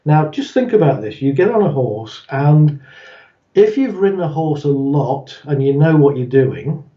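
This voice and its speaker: A man's voice: on the high side, lively intonation, measured pace, mellow. A man, a guest in an interview, explaining ideas through stories, chuckling often and acting out the voices he quotes. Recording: roomy, distant, dull sound.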